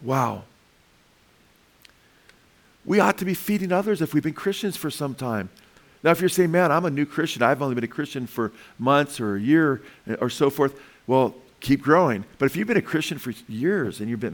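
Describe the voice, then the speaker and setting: A man preaching a lively sermon with touches of humor, often asking the congregation "Amen?". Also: fairly high pitch, moderate pace. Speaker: pastor.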